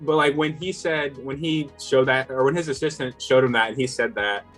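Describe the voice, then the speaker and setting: Relaxed amused male co-host. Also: mid-range voice, brisk, faint music behind. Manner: relaxed, amused, rambling with fillers. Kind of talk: casual commentary chat.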